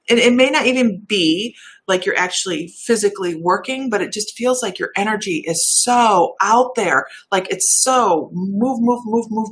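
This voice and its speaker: A woman giving intuitive readings on a live stream, chatty and warm, laughing at herself and drifting off topic. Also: on the high side. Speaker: intuitive reader and shaman.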